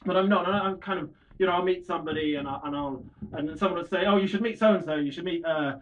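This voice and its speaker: On the stage of a small comedy bar, a hesitant man performs stand-up in a voice that sits high, putting himself down and stumbling through restarts. It's a lo-fi club recording with the audience laughing.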